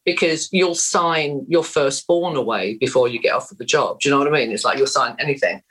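A woman from England in her fifties, a guest actress, telling blunt, lively, self-deprecating stories in a candid chat. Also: rumbling low, a little fast, breathy edge, low-quality recording.

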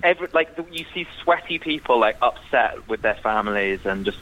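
Bright, animated man, guest. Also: mid-range voice, brisk, lo-fi sound. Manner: animated, swears, laughs a lot. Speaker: podcast guest. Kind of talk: casual chat.

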